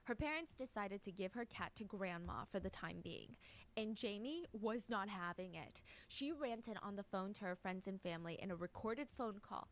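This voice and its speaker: A woman's voice: medium pitch, expressive, normal speed. A woman telling a true crime story in a casual, chatty way and speaking to viewers directly.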